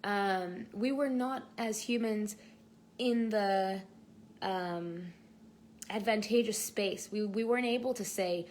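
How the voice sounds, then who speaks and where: A woman's voice: mid-range voice, fairly even intonation, measured pace, darkish tone. A young pregnant woman teaching an online lesson in a chatty, earnest way, with many fillers and restarts, on a built-in mic. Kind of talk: casual talk-to-camera lesson. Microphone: built-in mic, no headphones.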